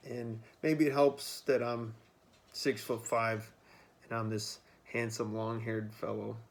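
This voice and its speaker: A man's voice: medium pitch, little pitch movement, slow, vocal fry. A man vlogging in a loose, rambling monologue, swearing freely as he talks. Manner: rambling, profane, freewheeling. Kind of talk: casual monologue to camera.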